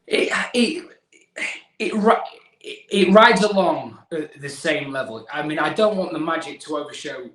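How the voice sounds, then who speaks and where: A man's voice: on the high side, lively intonation, moderate pace, fairly bright tone, reverberant, rough recording. A young English man, a magician guest on a video call, telling his story in a chatty, self-deprecating way with many restarts. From England. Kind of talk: casual video-call interview.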